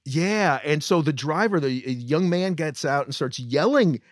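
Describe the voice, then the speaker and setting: A man's voice: a little high, animated, a little slow, no room sound, clean studio sound. A man co-hosting a podcast, telling a road story in a casual, self-deprecating way with many restarts. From United States. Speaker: podcast co-host.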